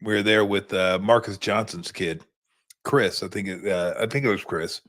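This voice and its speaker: Man in his fifties, a sports show host with a lowish voice; easygoing, wandering storyteller. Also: normal speed, a bit bright. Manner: laid-back, rambling storyteller. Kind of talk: casual postgame chat.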